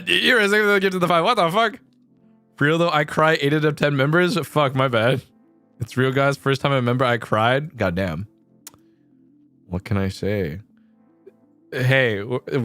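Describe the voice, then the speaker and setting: Young guy rambling on stream, keeps restarting, swears a lot, dry mic, quiet music behind. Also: medium pitch, no echo. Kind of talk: casual late-night stream chat.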